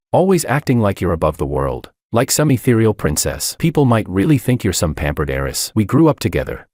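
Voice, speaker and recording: A man's voice: sits low, a little mellow, dry recording, studio quality. A man voicing a desperate, jealous young male student who pleads and then lashes out bitterly. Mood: snapping. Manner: sobbing pleas turning to bitter rants.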